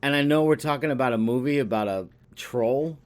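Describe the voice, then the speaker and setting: A man co-hosting a podcast, recapping a movie in a profane, rambling chat that swings from animated to muttering. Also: mid-range voice, brisk. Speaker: podcast co-host.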